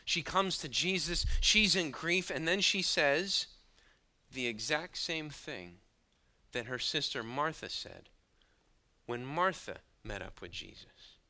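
A man's voice: on the high side, lively intonation, takes it slowly, sharp tone. A man preaching an expository sermon, earnestly retelling a scripture scene to his congregation. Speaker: pastor.

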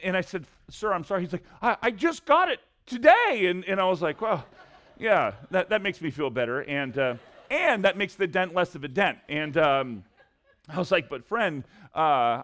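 Middle-aged male pastor, sermon, animated storytelling, slightly higher voice. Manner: animated storyteller, acts out voices with big pitch swings.

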